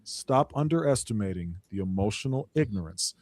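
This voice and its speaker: A man's voice: on the low side, animated, normal speed, darkish tone, dry recording. A man on a ministry talk panel, speaking emphatically and slipping into mocking voices when he quotes people. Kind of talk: opinionated panel chat.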